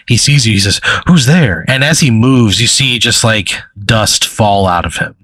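A man's voice: lowish voice, normal speed, pushed and bright, no echo, poor audio. A man acting as game master, narrating a hypothetical scene in a rambling, hesitant way full of fillers and restarts.

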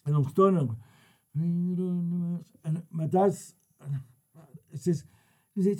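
An older man with a Scottish accent, telling lively stories and laughing through his punchlines as a guest. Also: sits high, measured pace, long pauses. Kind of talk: casual anecdotes.

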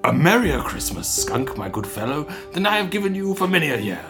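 A blustery Victorian employer, as a man reads him aloud, a bit higher than the reader's own voice. He growls and booms like a storybook master of the house. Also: big pitch swings, brisk, over music. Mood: hearty. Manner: growling, then hearty. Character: gruff Victorian male boss turned jolly.

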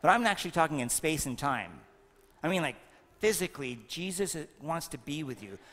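A man in his fifties preaching in a church with a long, ringing reverb, his voice fairly high and bright. He jokes and quizzes the children in a playful homily. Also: sing-song, a little fast. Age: 50s. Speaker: priest. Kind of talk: homily at a First Communion Mass.

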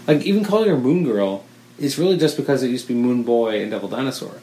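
A fast-talking podcast co-host with a dark, expressive, medium-pitched voice rambles happily through a casual chat, frequently correcting himself. The recording sounds roomy and echoey, with faint ambience.

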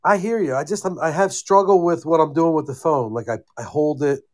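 A man's voice: a little high, brisk. A man co-hosting a podcast in casual chat, with easygoing, self-deprecating banter. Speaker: podcast co-host.

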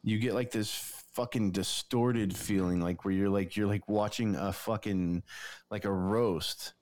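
A man's voice: fairly low pitch, steady tone, unhurried, darkish tone. A man co-hosting a casual podcast, rambling with lots of filler words and frequent swearing. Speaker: podcast co-host. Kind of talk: casual profane chat.

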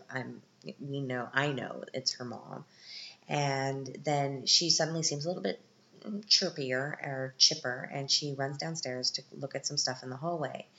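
Very low-voiced chatty woman. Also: fairly bright tone, slight background noise. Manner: chatty, joking asides. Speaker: podcast host. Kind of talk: casual film recap. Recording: roomy, dull lo-fi sound.

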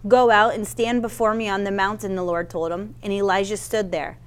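A woman's voice: mid-range voice, fairly even intonation, a little fast. Brief: woman preacher, reads scripture aloud then teaches, casual asides, trips on old names. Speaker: Bible teacher. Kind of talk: sermon with Bible reading.

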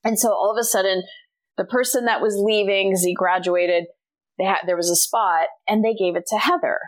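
A woman's voice: medium pitch, brisk. A middle-aged woman, a guest author, telling a personal story in a casual interview and acting out the dialogue. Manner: animated storyteller, acts out quoted dialogue.

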